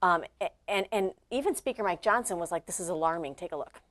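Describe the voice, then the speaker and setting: A woman's voice: lowish voice, fast, fairly bright tone. A woman co-hosting a talk show, chatty and gossipy in a casual conversation. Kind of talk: casual chat.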